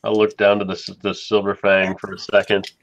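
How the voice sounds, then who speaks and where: A man playing a tabletop game, thinking aloud deliberately. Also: fairly low pitch, monotone, highs cut off, a little hiss or hum. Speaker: player. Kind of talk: casual tabletop play.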